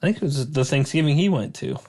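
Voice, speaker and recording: Man, podcast co-host, crude jokes, lively bouncing pitch, slightly high voice. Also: fast talker. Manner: crude, loud, sing-song joking. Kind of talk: casual banter.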